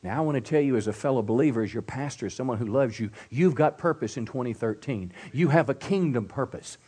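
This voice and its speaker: Middle aged guy preaching, pastor at church, punchy "come on" call-outs, goes quiet for stories. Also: medium pitch, fast talker, husky. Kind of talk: sermon. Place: church service.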